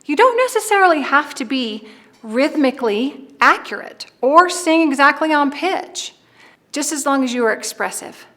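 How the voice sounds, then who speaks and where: Animated woman teacher telling stories. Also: high-pitched, normal speed. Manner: expressive, animated storyteller. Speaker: music teacher. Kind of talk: instructional narration and storytelling to preschoolers.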